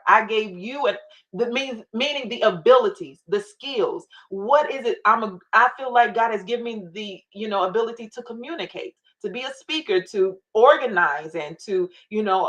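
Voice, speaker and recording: A woman's voice: mid-range voice, fairly bright tone, low-quality recording. Emphatic woman sharing her faith story. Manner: emphatic storytelling, acting out her own past prayers. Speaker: guest. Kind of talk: faith-based interview talk.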